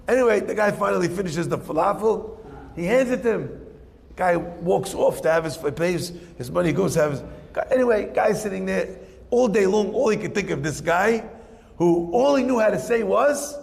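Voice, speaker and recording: High-voiced gravelly rabbi teaching. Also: male voice, brisk, in a large hall. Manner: rhetorical questions, lively storytelling. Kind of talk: Torah lesson.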